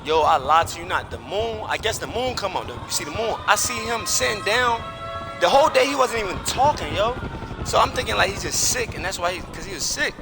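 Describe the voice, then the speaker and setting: A man's voice: sits high, expressive, brisk, music in the background. A man streaming live, telling a personal story in casual chat while gaming, emphatic and repetitive, swearing oaths as he goes.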